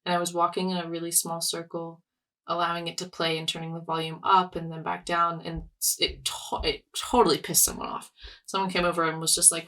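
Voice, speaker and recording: A young woman artist talking through her thoughts, halting and searching for words with many fillers and restarts. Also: lowish voice, level tone, vocal fry, a bit bright, recorded from a distance, poor audio. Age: young adult. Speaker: artist, podcast guest. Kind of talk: reflective casual conversation.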